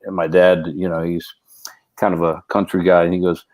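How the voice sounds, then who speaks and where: A man's voice: deep voice, level tone, normal speed, darkish tone, no echo. Rambling middle-aged man telling stories. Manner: rambling storyteller, many restarts and fillers. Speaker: guest actor. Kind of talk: casual anecdote telling.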